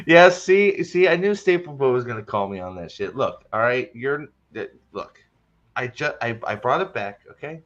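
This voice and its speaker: A man's voice: medium pitch, animated, a little slow, pauses often, a bit bright. Rambling man hosting a livestream, lo-fi. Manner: rambling, joking, stammering restarts. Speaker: livestream podcast host. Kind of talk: casual chat.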